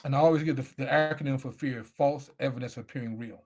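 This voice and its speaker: A man's voice: mid-range voice, fairly even intonation, fast talker, darkish tone. A middle-aged man telling his story animatedly in a live Q&A, acting out the voices of people he quotes. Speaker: guest speaker.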